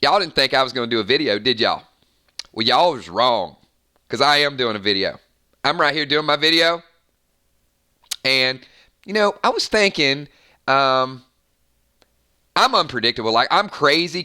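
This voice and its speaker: A man voicing a wild, boastful Southern woman with a Southern US accent and a rapid, brash drawl. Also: mid-range voice, lively intonation, bright, forceful tone.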